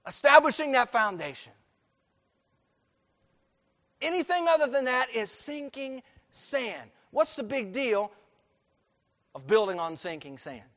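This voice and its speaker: A man's voice: very high voice, sing-song, unhurried, long pauses, fairly bright tone, in a large hall. A male pastor preaching an emphatic sermon, asking the congregation questions and letting them call out answers. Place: church sanctuary.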